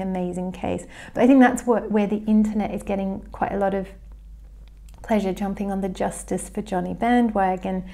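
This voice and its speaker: A woman's voice: medium pitch, mellow. An Australian woman talking casually to camera about astrology at home, thinking aloud with small restarts.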